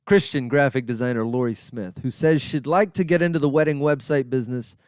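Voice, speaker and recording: A man from Texas hosts his own podcast, musing aloud in a loose, rambling way and tossing in wry jokes at his own expense. His voice is smooth and resonant, and it sits in an ordinary middle register. The sound is close and dry, with no room in it. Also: mid-range voice, a little mellow, no echo. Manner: wry, conversational, self-deprecating asides. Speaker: podcast host. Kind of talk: casual rambling monologue.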